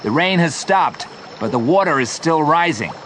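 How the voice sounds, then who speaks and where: A man's voice: on the high side, animated, normal speed, a bit bright, slight background noise, pitched above the performer's own voice. A man with a British accent voicing a brave, determined young man who calls out commands in a flood. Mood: resolute. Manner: calling out commands, resolute.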